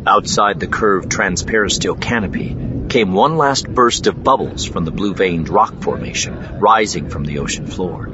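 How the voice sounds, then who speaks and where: A man narrating an audiobook in a steady, measured reading. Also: low voice, lo-fi sound, background noise.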